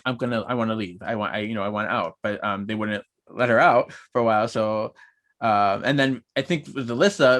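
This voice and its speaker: A man's voice: medium pitch, a bit bright. A man co-hosting a podcast in casual chat, giggly and chatty, laughing often. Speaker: podcast co-host.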